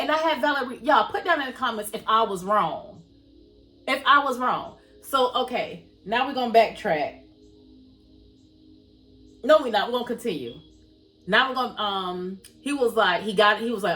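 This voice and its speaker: A woman's voice: medium pitch, lively intonation, moderate pace, sharp tone, far from the mic, faint music behind, poor audio. Chatty woman telling a storytime. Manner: chatty, addresses viewers as y'all, acts out quoted dialogue. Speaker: vlogger telling a personal story. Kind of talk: casual storytime vlog.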